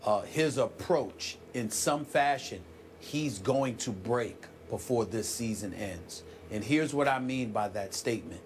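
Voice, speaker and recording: A man co-hosting a sports debate show in a TV studio, talking forcefully and building emphasis while a little under the weather. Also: mid-range voice, animated, a little slow, a little hiss or hum. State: sick, clears throat.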